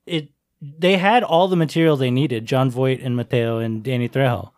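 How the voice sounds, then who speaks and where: A man's voice: mid-range voice, normal speed, darkish tone, dry recording, clean studio sound. A man ranting incredulously in a casual podcast chat about a movie, swearing often.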